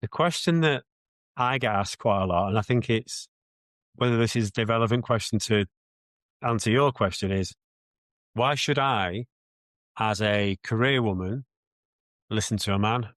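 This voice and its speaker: A man's voice: on the low side, moderate pace, pauses often, a bit bright, dry recording. A man with a British accent, a mindset coach answering interview questions in an earnest, reflective way, often restarting his sentences.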